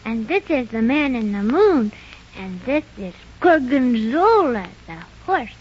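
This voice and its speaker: A woman's voice: fairly high pitch, sing-song, measured pace, slightly rough, full character voice. A woman voicing an earnest young boy who politely scolds others, in 1930s radio drama style. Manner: scolding, earnest, bright child-like delivery. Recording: muffled old radio recording.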